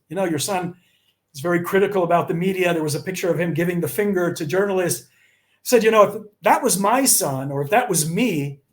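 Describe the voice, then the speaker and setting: A middle-aged man from the USA, telling anecdotes as an interview guest and acting out the dialogue. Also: high-pitched. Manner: animated, acts out dialogue in his anecdotes. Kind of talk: storytelling in conversation.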